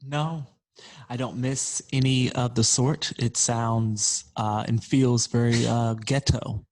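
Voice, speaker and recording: A man's voice: mid-range voice, fairly even intonation, slow. A man co-hosting a podcast in casual chat, with dry, wry remarks. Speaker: podcast co-host.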